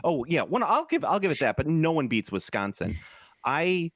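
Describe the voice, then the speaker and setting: A man in his forties co-hosts a podcast, rambling through casual chat full of jokes and frequent laughter. His voice is fairly high, a bit bright and very animated, at a moderate pace. The sound is clean studio quality with no echo.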